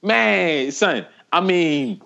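A young man with a high, gravelly voice spins a story in loose, casual chat. He talks with animated energy and swears freely, breaking into laughter. His tone stays rough and raised throughout. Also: very slow.

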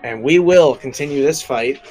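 A man narrating as game master in a tabletop game, relaxed and laughing, thinking aloud with fillers as he goes. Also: medium pitch, normal speed, soft background music, low-quality recording.

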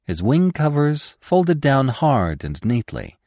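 A man narrating a classic novel in a measured, expressive storytelling voice. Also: mid-range voice, dry recording, studio quality.

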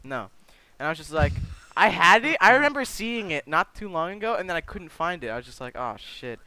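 A man's voice: fairly high pitch, sing-song, a little fast, sharp tone, clean tone, no room sound. Laughing young man telling a story. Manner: laughing, storytelling, mimics friends. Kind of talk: casual chat with friends.

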